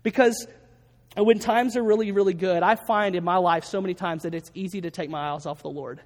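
Delivering a sermon, a male pastor narrates a story and performs each character's voice. He speaks fairly quickly, high-pitched and steady in tone, in a space with long reverb.

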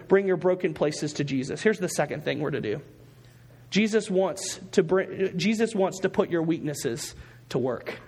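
A man's voice: sits high, darkish tone, husky, big-room sound. A male pastor preaching a sermon in a church, earnest and repeating phrases for emphasis. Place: church sanctuary.

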